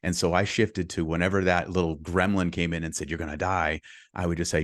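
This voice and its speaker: Middle-aged man, very low voice, earnest storytelling, dry close sound. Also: little pitch movement, brisk, dry recording. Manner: earnest and open, speeds up when reliving the story. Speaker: guest, real estate investor. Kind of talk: candid storytelling in a podcast interview.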